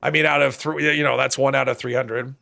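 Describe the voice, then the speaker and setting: A man's voice: medium pitch, level tone, fairly quick, vocal fry, bright, forceful tone. A man streaming a video game, rambling and thinking aloud in casual commentary, with a stuffy nose. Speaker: gaming streamer.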